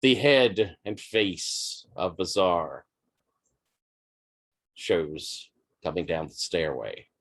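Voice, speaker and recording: A man narrates a tabletop role-playing session in a relaxed, conversational way. His voice sits somewhat low, and he sets each scene before turning it over to the players. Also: very slow, long pauses. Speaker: game master.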